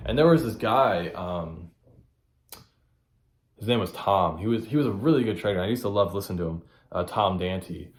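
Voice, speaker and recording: A man's voice: low-pitched, animated, normal speed, reverberant. A man hosting a solo motivational podcast, blunt and profane, hammering his point home by repeating it. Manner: blunt, profane and repetitive for emphasis. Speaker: podcast host.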